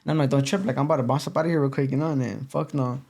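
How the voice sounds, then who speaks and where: A young man tells his story as a guest in a casual interview. He talks quickly in street slang, dropping "you know" and "boom" between every beat, at a middling pitch for a man. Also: steady tone, creaky, a little mellow. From East Los Angeles.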